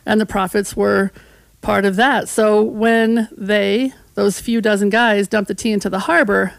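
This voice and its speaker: A woman's voice: medium pitch, steady tone, measured pace, creaky, dry recording. A woman with a mid-range voice talks as a guest on a radio show. She tells history like a chatty story and acts out little voices as she goes, and the studio sound is close and dry. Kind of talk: casual radio chat.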